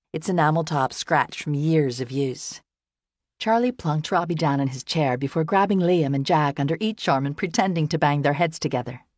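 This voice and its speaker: A woman reading a novel aloud as an audiobook narrator, in gentle, even first-person storytelling. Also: sits low, no echo, studio quality.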